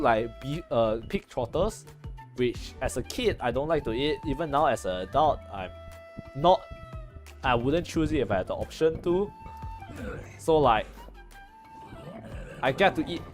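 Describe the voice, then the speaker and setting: A young man chatting casually over gameplay, joking and correcting himself with many restarts. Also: mid-range voice. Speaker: gaming streamer.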